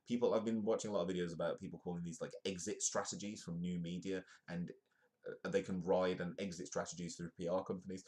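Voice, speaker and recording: A man's voice: deep voice, a little mellow. A man hosting a casual livestream, rambling with jokey asides as he comments. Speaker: livestream host.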